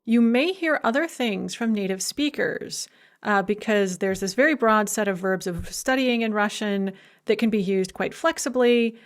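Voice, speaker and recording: A woman lecturing on language grammar in a recorded university lecture, explaining clearly and methodically with the odd filler. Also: medium pitch, moderate pace.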